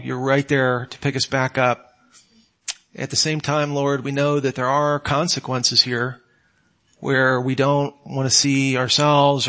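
A man with a mid-range, slightly bright voice preaches a sermon as a pastor. He speaks emphatically, rising to exclamations, then closes with a spoken prayer.

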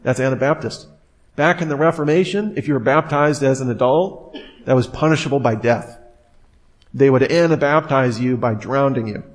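A man's voice: mid-range voice, normal speed. A man giving an informal teaching talk. He speaks conversationally and with animation, at times acting out quoted speech. His voice sits in a middle range. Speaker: Bible teacher.

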